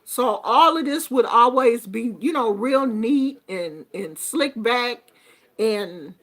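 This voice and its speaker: A middle-aged woman tells stories in a casual chat to her viewers. Her voice sits high and has a bright edge. She talks at an unhurried pace and stays animated, often breaking into laughter. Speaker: YouTuber.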